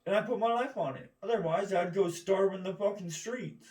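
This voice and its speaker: Brief: man, rambling profane rant, combative, slightly high voice, distant mic in an echoey room. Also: normal speed, a little mellow. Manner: heavy swearing, keeps asking "right?".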